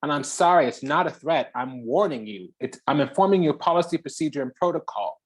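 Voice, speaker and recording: A spiritual channel host gives a heated, profane reading in a medium-pitched, husky, animated voice. She swings between loud declarations and hushed asides, with dramatic pauses.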